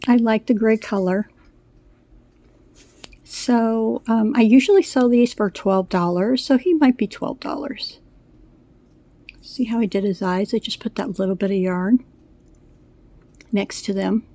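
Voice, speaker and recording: A woman's voice: fairly high pitch, a little slow, pauses often, mellow. A middle-aged woman chatting casually about her crochet work, gushing and rambling with fillers, a little out of breath. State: slightly out of breath. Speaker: crochet vlogger. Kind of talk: casual show-and-tell chat.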